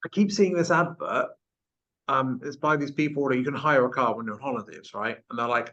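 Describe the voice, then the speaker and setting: This interviewer, a man with a mid-range voice and a sharp tone, talks fast while hosting a casual podcast conversation. His questions are long, probing and meandering, and he often puts himself down. The highs in the audio are cut off.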